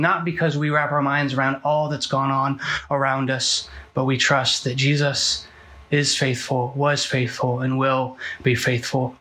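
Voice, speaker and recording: A man's voice: medium pitch, steady tone, a little slow, sharp tone, poor audio. Earnest young man giving a sermon. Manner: earnest, emphatic, builds through repetition. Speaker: speaker at a student ministry.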